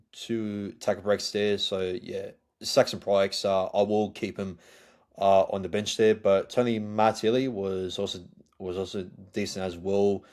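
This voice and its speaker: A man hosts a solo rugby league review podcast. His voice sits a little low, and he talks haltingly, full of ums and restarts. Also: darkish tone. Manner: halting, many fillers and restarts. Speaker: podcast host.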